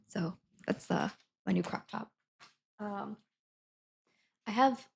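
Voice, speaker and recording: Giggly woman with a gravelly voice. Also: mid-range voice, darkish tone. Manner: giggly and rambling, laughs often. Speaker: live streamer. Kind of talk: casual chat to viewers. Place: at her desk at home.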